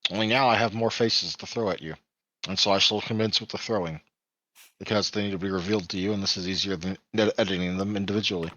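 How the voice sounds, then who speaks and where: A man with a lowish voice runs a tabletop vampire game, wandering through his notes and stopping to correct himself with a chuckle. The sound is dry and dull, as from a cheap mic. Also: fairly even intonation, fast talker, sharp tone, no echo. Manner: rambling, self-correcting, chuckles often. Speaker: game master. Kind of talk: narrating a tabletop game online.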